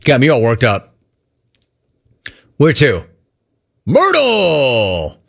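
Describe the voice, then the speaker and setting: A middle-aged sports radio host rants on his call-in show at normal speed, his lively delivery swinging all over his range. He puts on a high voice to make fun of cheerful greetings.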